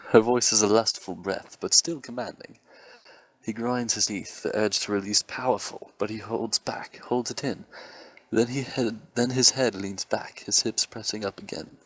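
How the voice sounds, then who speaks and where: Low-voiced man reading a story aloud. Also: fairly even intonation, normal speed, poor audio. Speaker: narrator. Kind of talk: amateur reading of erotic fiction.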